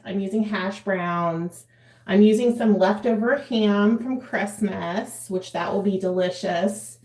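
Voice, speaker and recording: Speaking slowly in a mid-range, slightly mellow voice, this vlogger in her forties chats with her live chat as she puts on makeup at home. She laughs a lot, and the recording has a roomy feel.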